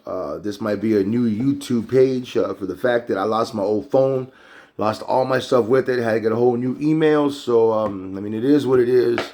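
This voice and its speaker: A man's voice: mid-range voice, normal speed, mellow. A man teaching a casual Bible chapter recap, conversational and a bit preachy.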